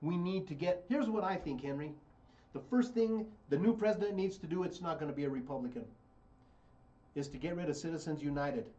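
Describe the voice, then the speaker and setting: A man's voice: a little high, a little fast, mellow, muffled recording. A man talking politics on a radio show, blunt, heated and mocking.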